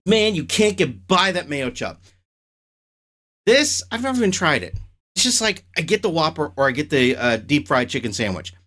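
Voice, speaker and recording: A man's voice: a little high, normal speed. A man hosting his own show, chatting casually and reacting with strong opinions and rants. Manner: animated, opinionated, ranting. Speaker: host.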